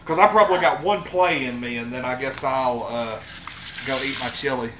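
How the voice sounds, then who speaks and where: A man's voice: medium pitch, moderate pace, noisy background. A man hosting a gaming stream, chatting in an easygoing, drawling way with fillers. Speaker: stream host. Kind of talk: casual gaming chat. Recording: echoey room with game music.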